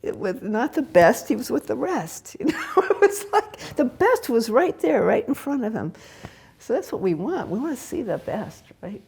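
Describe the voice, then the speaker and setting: A woman's voice: on the high side, sing-song, normal speed, gravelly, darkish tone, slight background noise. An older woman Zen teacher giving a candid, laughing, conversational dharma talk and answering questions. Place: meditation hall.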